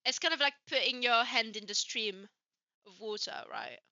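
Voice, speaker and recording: A woman's voice: on the high side, normal speed, pushed and bright, no echo, highs cut off. A woman from Switzerland with a light Swiss French accent, co-hosting a casual chat and swearing freely as she acts out the people in her stories. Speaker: podcast co-host.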